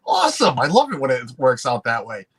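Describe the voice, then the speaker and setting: A man hosting a casual livestream, rambling with frequent restarts and laughs while greeting chat. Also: medium pitch. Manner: rambling, self-interrupting, quick to laugh. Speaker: livestream host.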